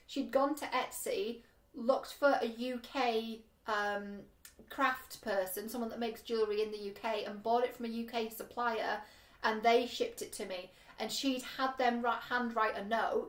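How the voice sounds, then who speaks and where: A young British woman talks straight to camera in a chatty, frank way, dropping swear words and lots of "like" fillers. Her voice sits a little high. The room around her rings with echo. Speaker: dating coach and vlogger. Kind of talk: casual advice to camera. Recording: echoey room.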